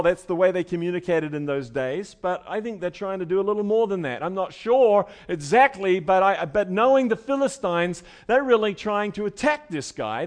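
A man with a high, light voice delivers a sermon. He talks to the congregation in a conversational way, sliding between quiet asides and loud, emphatic runs. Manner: conversational preaching, swinging from soft asides to loud emphatic bursts. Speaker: pastor.

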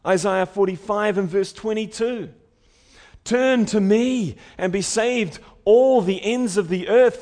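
Male preacher, high voice, unhurried delivery, emphatic and repetitive, dramatic swings in volume. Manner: emphatic, repeats lines, swings from loud declarations to soft near-whispers. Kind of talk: sermon.

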